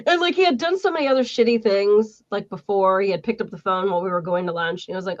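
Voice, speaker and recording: A woman's voice: mid-range voice, fast talker, hardly any pauses. Profane woman telling stories, lo-fi. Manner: profane, animated storytelling. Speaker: podcast host. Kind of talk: casual chat. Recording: dull lo-fi sound.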